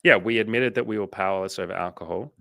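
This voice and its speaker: A man with a deep, gravelly voice talks loosely on his coaching livestream, swearing as he goes and acting out back-and-forth conversations. The sound is dry and close, with no room around him. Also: fast, no echo. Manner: swears casually, animated retelling with acted quotes. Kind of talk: casual livestream chat.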